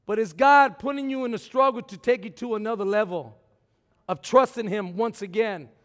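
Preacher guy, really high voice, big swings from shouting to murmuring, stammers and repeats, long church echo. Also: moderate pace. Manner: swings from shouting to low, quiet talk; repeats words, stammers on restarts. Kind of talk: sermon. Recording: long hall reverb.

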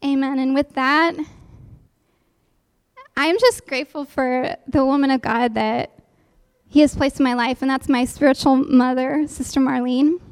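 A woman delivers an earnest, sermon-style testimony with a recited poem, calling out to the congregation for amens. Her high-pitched voice has fairly even intonation and a measured pace with frequent pauses, and the tone is clean with no echo.

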